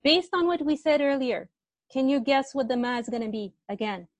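A woman's voice: high-pitched, expressive, normal speed, no echo. A woman teaching an online Arabic grammar class, patiently asking her students questions and repeating their answers.

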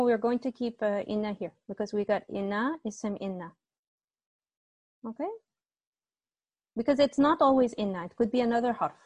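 A woman teaching Arabic grammar in an online class, chatty and quick to correct herself, often checking that the class agrees. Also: a little high, darkish tone, dry recording. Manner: chatty, self-correcting, asks class to confirm.

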